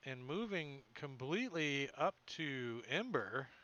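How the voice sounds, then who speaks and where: A man with a bright, forward voice narrates a tabletop game as its dungeon master. He talks in a chatty, lively way and throws in sound effects as he goes. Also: medium pitch, slow.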